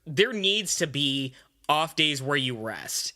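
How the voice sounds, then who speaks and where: A man co-hosting a podcast, telling stories in an animated, self-deprecating way. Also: on the high side, takes it slowly. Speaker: podcast co-host. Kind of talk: casual podcast chat.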